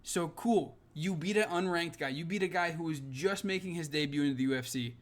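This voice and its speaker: A man's voice: on the high side, a little fast. A young man ranting heatedly to camera, exasperated and emphatic, swearing constantly. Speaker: MMA commentary vlogger.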